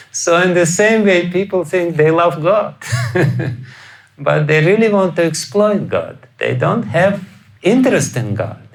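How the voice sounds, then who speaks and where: A Russian-accented man lectures on scripture in a lecture hall like a spiritual teacher, chuckling often and posing rhetorical questions. His voice is high and gravelly with big pitch swings, and his pace is measured. He acts out quoted voices with sudden loud outbursts, and the recording is rough.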